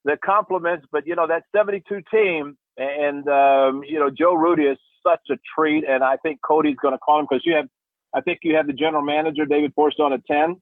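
On a casual sports radio chat, an older ex-player turned analyst spins rambling, warm anecdotes full of restarts. He speaks briskly in a slightly high, steady tone. The line sounds dry and phone-like, with no room sound.

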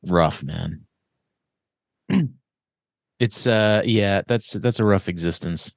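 Low-voiced man, halting and dry. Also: gravelly, no echo. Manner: halting, repeats words and trails off. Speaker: podcast co-host. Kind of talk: casual podcast chat.

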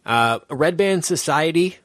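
A man's voice: fairly high pitch, lively intonation, a little slow, fairly bright tone. A man speaks in a dry, sarcastic tone during a casual podcast chat. The sound is close and dry, with no room echo. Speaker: podcast co-host.

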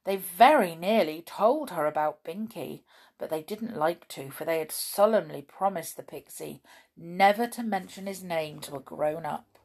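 A woman reading a children's story aloud, gentle and expressive, with chatty asides. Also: lowish voice, normal speed.

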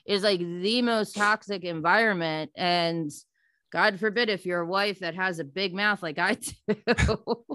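A woman hosting a casual podcast, telling stories in an animated, blunt way and swearing freely. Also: mid-range voice, unhurried, no echo.

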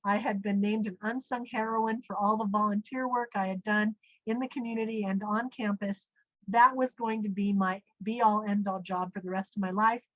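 A middle-aged woman telling a personal story in a lively way, acting out the voices she quotes. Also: mid-range voice, moderate pace, no room sound. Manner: animated, acts out quoted speech. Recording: dull, dry lo-fi sound.

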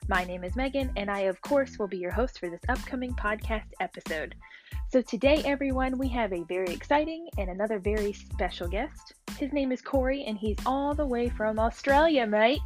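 A woman's voice: on the high side, animated, fairly quick, faint music behind. A woman hosting a casual podcast, bubbly and chatty, who laughs often as she introduces the episode. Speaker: podcast host.

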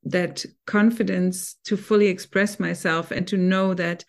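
A woman's voice: on the low side, steady tone, a little slow, vocal fry. A woman guest on a podcast interview, speaking earnestly and often checking in with the listener. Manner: earnest, keeps checking in with "right?". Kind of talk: conversational interview.

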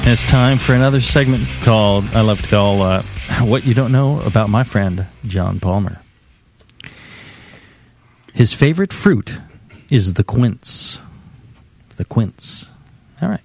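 A man's voice: fairly low pitch, gravelly, soft background music. A man co-hosting a live podcast, talking casually with many fillers and restarts. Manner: relaxed, halting with many fillers. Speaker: co-host. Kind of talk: casual chat.

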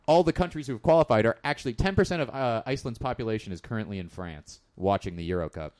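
A young man in casual podcast chat, excitedly telling stories and singing chants. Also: mid-range voice, fast, no echo. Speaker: podcast co-host.

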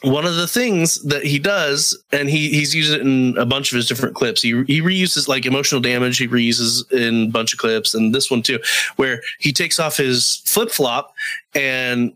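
A man co-hosting a podcast in casual chat, talking in a halting way with many restarts. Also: medium pitch, sharp tone, dry recording, low-quality recording. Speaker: podcast co-host.

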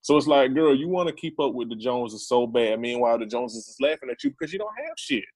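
A man co-hosting a reality-TV recap podcast over a call, shady, with quick agreeing asides. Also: mid-range voice, very animated, darkish tone, slightly rough, dry recording. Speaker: podcast co-host. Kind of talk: casual reality-TV recap chat. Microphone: remote call.

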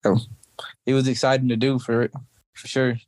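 A man's voice: mid-range voice, level tone, normal speed, darkish tone, no echo. Young man, college athlete, laid-back casual chat, lots of "like", dry close recording. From South Georgia, US. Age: young adult. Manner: laid-back, heavy use of "like". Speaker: college wrestler guest.

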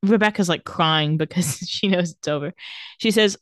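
A woman's voice: fairly low pitch, fairly bright tone, dry recording, clean studio sound. A woman co-hosting a casual podcast, recapping a TV episode in an offhand, joking way. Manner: recaps scenes in a quick, offhand voice with laughs. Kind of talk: casual chat.

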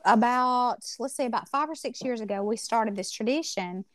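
A woman from Mississippi with a Mississippi Southern accent, telling animated stories as a podcast guest, acting out the people she quotes and often restarting her sentences. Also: a little high, moderate pace, no room sound. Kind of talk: casual storytelling chat.

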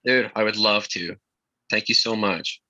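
A man's voice: lowish voice, measured pace, pushed and bright, no echo, highs cut off. Earnest male musician guest. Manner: earnest, grateful, hesitant with many "um"s. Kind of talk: casual interview chat.

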